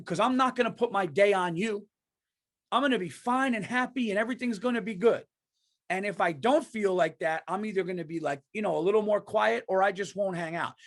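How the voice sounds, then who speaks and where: A man with a notably high speaking voice rants on his podcast. He is worked up and emphatic, swearing freely as he hammers his points home. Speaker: podcast host. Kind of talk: heated comedic rant.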